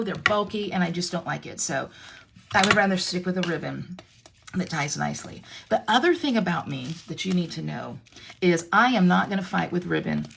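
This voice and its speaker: Chatty American woman with a gravelly edge. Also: mid-range voice, a little hiss or hum. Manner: chatty, self-deprecating, talks while crafting. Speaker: stamping demonstrator. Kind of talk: live card-making tutorial.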